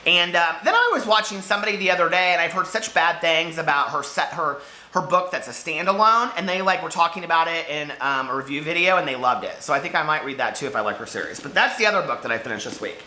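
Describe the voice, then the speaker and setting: In an echoey room, a man with a voice on the high side talks fast, his intonation lively and his tone pushed and bright. He's a book vlogger rambling and giggling about this week's books, overheated from the hot room, in a casual chat.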